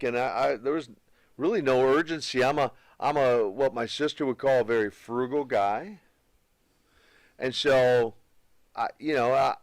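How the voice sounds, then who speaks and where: Older male interview guest, mid-pitched, dry close mic, loose anecdotal delivery. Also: no room sound. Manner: rambling, self-repeating anecdotes. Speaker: guest, former pro wrestler. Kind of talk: casual storytelling interview.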